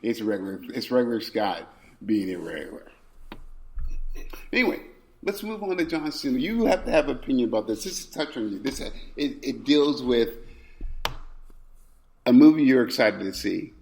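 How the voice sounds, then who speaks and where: Animated, stammering podcast host. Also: male voice, medium pitch, normal speed, vocal fry, long pauses. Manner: animated, stammering, playfully argumentative. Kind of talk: casual chat. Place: indoors, recording in person with co-host.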